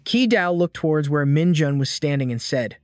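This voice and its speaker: A man reading a scripted story recap in a steady read-aloud way, barely changing his voice for the characters' lines. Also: fairly high pitch, moderate pace, dry recording, studio quality. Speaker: recap narrator.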